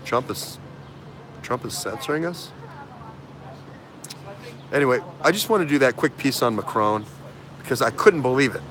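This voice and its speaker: A man's voice: mid-range voice, expressive, normal speed, pauses often, noisy background. Rambling man talking politics. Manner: rambling, repeats himself, many fillers and restarts. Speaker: host. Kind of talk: casual political talk.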